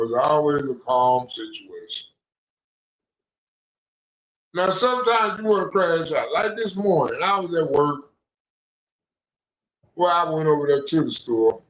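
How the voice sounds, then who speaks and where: A young man hosts a casual call-in stream, launching into loose, profane, preachy rants in a slightly high, somewhat bright voice. The room sound is echoey, dull and lo-fi.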